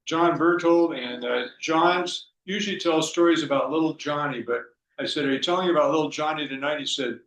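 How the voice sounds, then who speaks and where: A man hosting a storytelling evening, introducing the next teller in a relaxed, chatty way. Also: fairly high pitch, brisk. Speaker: event host. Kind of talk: casual introduction. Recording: roomy sound from distant mic.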